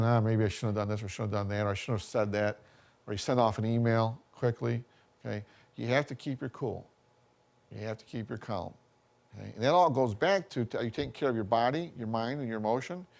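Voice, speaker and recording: A man's voice: mid-range voice, gravelly, a little mellow. A man giving a college workshop talk, chatty and full of anecdotes, often checking in with "you know" and "okay?". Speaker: workshop speaker.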